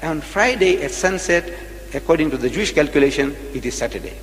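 A man's voice: fairly high pitch, expressive, brisk, in a large hall, slight background noise. A man giving a rhetorical religious lecture to an audience, repeating phrases and firing questions at them. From South Africa. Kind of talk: public religious debate lecture.

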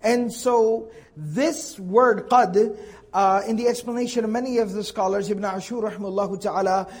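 A man with a high-pitched voice gives a tafsir lecture on the Quran. He explains patiently, leaning hard on the words he wants to stress. He often restarts his sentences as he thinks aloud. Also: steady tone, moderate pace.

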